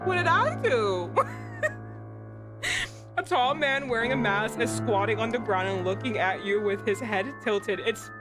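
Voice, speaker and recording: A woman's voice: medium pitch, normal speed, hardly any pauses. A young adult woman who streams as a VTuber, reading a dating game aloud and commenting on it with frequent swearing and laughter. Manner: animated, swears and laughs often. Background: loud background music.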